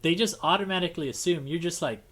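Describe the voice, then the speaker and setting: A man's voice: a little high, quick pace, fairly bright tone. A man hosting a casual livestream conversation, talking in a rambling way with many restarts and fillers. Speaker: podcast host.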